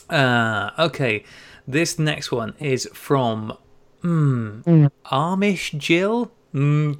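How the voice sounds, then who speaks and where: Gravelly English man, chatty co-host. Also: medium pitch. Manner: chatty, easy laughs, quick asides. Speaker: podcast co-host. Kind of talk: casual podcast chat, reading listener emails.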